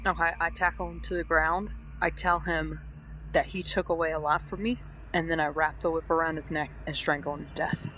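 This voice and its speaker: Man, tabletop player, very bright tense voice, higher pitch. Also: little pitch movement, a little fast, a little hiss or hum, poor audio. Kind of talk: describing his character's actions in a game.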